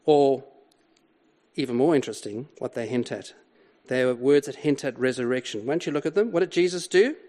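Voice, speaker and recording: A man's voice: mid-range voice, brisk, a little mellow. An older man preaching a sermon, explaining a Bible passage with emphatic repetition and rhetorical questions. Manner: emphatic, repeats key words, rhetorical questions.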